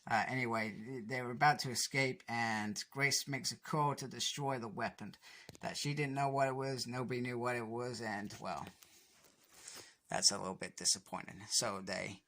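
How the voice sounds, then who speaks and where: A man's voice: mid-range voice, steady tone, normal speed, sharp tone, slight background noise. A young man casually recapping a comic book issue, rambling with lots of "anyway" and fillers.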